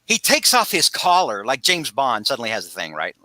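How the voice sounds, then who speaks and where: A man hosting a casual podcast, recapping a comic book in a rambling, animated way with frequent restarts. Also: mid-range voice, brisk, dry recording. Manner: rambling, animated, self-interrupting storyteller. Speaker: podcast host.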